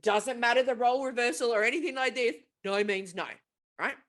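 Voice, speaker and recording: A woman's voice: on the high side, brisk. A woman co-hosting a casual podcast, retelling a film plot in a profane, rambling way. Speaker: podcast co-host.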